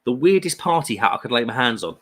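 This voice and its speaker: A man's voice: medium pitch, sing-song, quick pace, a bit bright. A man in his thirties with a British accent, chatting casually on a beer live stream and reading viewer comments, jokey and friendly. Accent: British English. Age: 30s. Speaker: beer livestream host.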